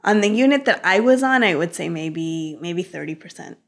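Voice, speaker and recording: A woman, a guest in an interview, earnestly recounting a personal story in a relaxed conversational way. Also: on the low side, moderate pace, vocal fry.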